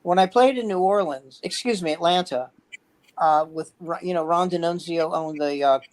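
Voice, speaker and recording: A man's voice: fairly high pitch, moderate pace, rough recording. A man, a veteran stand-up comedian, telling rambling anecdotes in casual chat and acting out the quotes.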